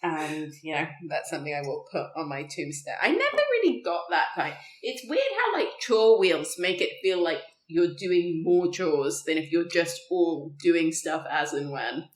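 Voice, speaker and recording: A woman with a low voice talks through films in a loose, chatty way, full of fillers and quick laughs. Her voice sits in a roomy space with clear echo. It sounds like an animated podcast conversation. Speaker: podcast co-host. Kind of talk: casual film chat.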